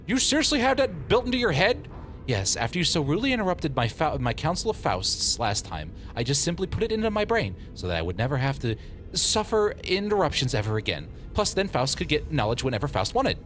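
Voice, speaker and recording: A man voicing an aloof, know-it-all young woman from a game, in a flat, haughty and formal manner. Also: on the high side, a little fast, faint music behind.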